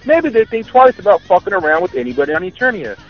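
A man's voice: high voice, sing-song, quick pace, faint music behind. Profane ranting man on voicemail. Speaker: voicemail caller. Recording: muffled voicemail recording.

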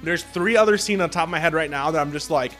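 Man, high-pitched, excitable, profane, rambling, casual chat, faint music behind. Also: fast talker.

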